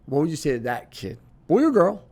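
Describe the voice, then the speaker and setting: A man's voice: a little high, sing-song, fairly quick, a little mellow. A man hosting a podcast, asking questions in a loose, conversational way. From United States. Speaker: podcast host. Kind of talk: casual interview talk.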